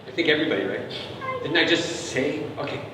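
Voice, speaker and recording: Playful New composer in a hall. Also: male voice, a little high, expressive, quick pace, noisy background. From New York. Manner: chatty, playful, coaxing the audience to join in. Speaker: composer leading a family concert. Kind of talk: explaining music to a family audience. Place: concert hall stage. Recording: echoey concert hall, from a distance. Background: piano and string music.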